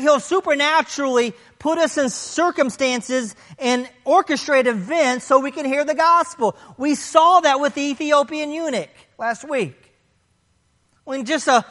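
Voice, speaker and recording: Brief: high-pitched pastor, emphatic sermon delivery, long reverb of a big church hall. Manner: emphatic, swings from loud declarations to hushed low passages; reads scripture aloud between points.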